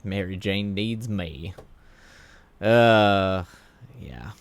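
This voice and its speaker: A man with a fairly low voice chats loosely with his stream viewers, rambling through fillers and breaking into laughs. The sound is dry and close, with no room echo. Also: extremely slow, vocal fry. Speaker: livestream host. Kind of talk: casual chat reading viewer comments.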